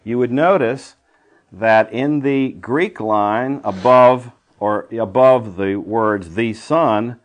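A man preaching a sermon, explaining Greek words of a Bible text with emphatic stresses. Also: on the low side.

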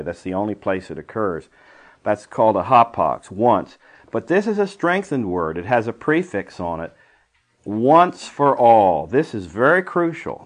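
Male preacher, mid-pitched voice, teaching Bible study with emphatic, explanatory delivery. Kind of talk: sermon.

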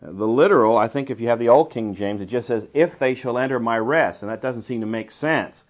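A man's voice: mid-range voice, brisk. A man teaching a verse-by-verse Bible lesson in a conversational style, with dry asides and digressions. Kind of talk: Bible study lecture.

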